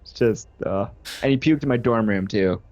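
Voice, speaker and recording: A young man in his twenties telling a rowdy story on a gaming stream, animated and swearing freely. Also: on the low side, moderate pace, dry recording, highs cut off. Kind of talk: casual chat on a gaming stream.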